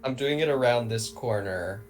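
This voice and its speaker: A man playing a tabletop game, eager and quick to laugh. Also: medium pitch, crowd noise. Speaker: player.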